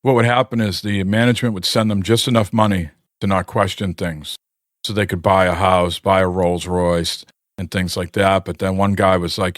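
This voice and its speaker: A man's voice: deep voice, flat delivery, moderate pace, no room sound, clean studio sound. A man co-hosting a podcast, telling long rambling stories with lots of fillers. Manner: rambling storyteller, many fillers. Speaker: podcast co-host. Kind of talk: casual chat.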